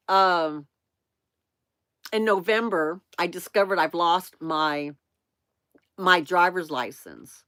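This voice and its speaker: A woman's voice: on the low side, slow pace, pauses often, pushed and bright, no room sound. A woman in her fifties hosting a vlog, telling a rambling story to her viewers in a chatty way, laughing often and calling them "y'all". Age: 50s. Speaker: vlog host.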